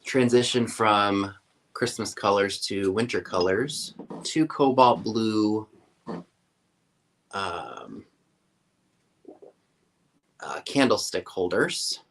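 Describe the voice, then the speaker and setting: A man's voice: on the low side, very slow, pauses often. A man co-hosting an antiques show, casually showing items one by one. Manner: relaxed, lively, shows items one by one.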